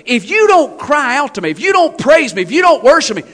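A man preaching in church with a very high, bright, ringing voice. He delivers his sermon in a folksy, animated way, with joking asides and sudden shouted emphasis. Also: a little fast.

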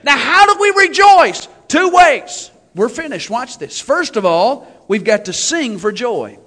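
High bright-voiced male preacher. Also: unhurried. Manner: folksy, animated preaching with humorous asides and shouted emphasis. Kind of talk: sermon. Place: church.

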